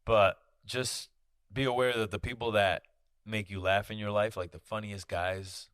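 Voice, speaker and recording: A man's voice: lowish voice, fairly even intonation, normal speed, a bit bright, no room sound, clean studio sound. A man hosting his own podcast, talking in a candid casual monologue, swearing freely and peppering his talk with "you know". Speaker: podcast host. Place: podcast studio.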